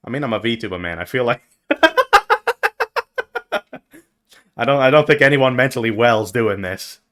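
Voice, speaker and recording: A young man streaming as a VTuber, chatting casually with his viewers and jumping from mumbled asides to loud yelps. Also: mid-range voice, quick pace, faint music behind. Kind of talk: casual live-stream chat.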